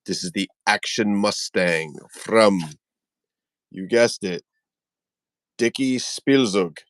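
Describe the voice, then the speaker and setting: Low-voiced man chatting on a phone stream. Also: gravelly, no room sound. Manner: rambling, jokey, greets viewers by name. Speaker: toy collector livestream host. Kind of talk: casual unboxing livestream.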